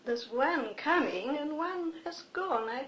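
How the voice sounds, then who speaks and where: High-voiced polite woman at a séance. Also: expressive, slow pace, a little hiss or hum. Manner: polite, gentle, agreeable. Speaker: séance sitter. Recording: echoey old archive recording.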